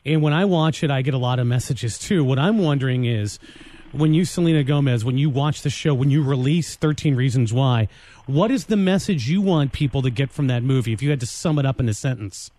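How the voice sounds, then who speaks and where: A man co-hosting a radio show who asks long, earnest questions at a measured pace. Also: mid-range voice, dark tone. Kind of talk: radio interview.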